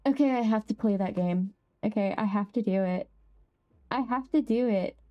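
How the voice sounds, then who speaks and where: A young woman streaming a game, chatting casually with viewers, laughing easily and jumping up high when something amuses her. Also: moderate pace, highs cut off. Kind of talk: casual live-stream chat.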